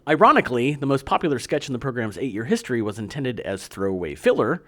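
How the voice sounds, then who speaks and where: A man's voice: mid-range voice, sing-song, fast, fairly bright tone. A man hosting a podcast, reading history notes aloud in a casual chat and laughing easily. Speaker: podcast host.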